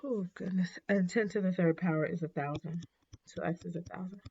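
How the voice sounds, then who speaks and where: A woman teaching a math lesson in a casual, chatty way, with frequent ums and quick apologies for her slips. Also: on the low side, fairly even intonation, gravelly, mellow, breathy edge. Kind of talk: recorded classroom lesson. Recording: dull, slightly lo-fi.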